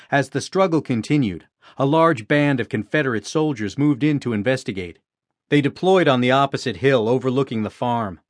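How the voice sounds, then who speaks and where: A man narrating an audiobook in a steady, even reading style. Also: mid-range voice, no echo, clean studio sound. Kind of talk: scripted narration.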